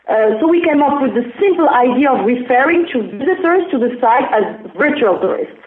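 A woman with a French accent, measured and careful as she explains her business in an interview. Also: sits high, lively intonation. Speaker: interview guest, business founder. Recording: tinny echoey phone line.

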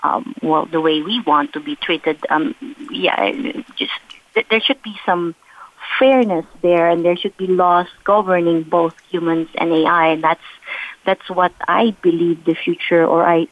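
A woman's voice: on the low side, unhurried, no echo, narrow, tinny audio. A woman design executive on a panel, speaking hesitantly over a remote call. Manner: hesitant, many fillers and restarts. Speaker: chief design officer, panel guest. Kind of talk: panel discussion.

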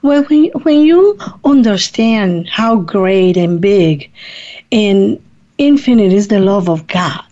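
Woman talking about god's love slow and earnest, grammar a bit off, dull muffled audio. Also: medium pitch, expressive, mellow. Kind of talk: faith talk on a podcast. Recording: muffled lo-fi recording.

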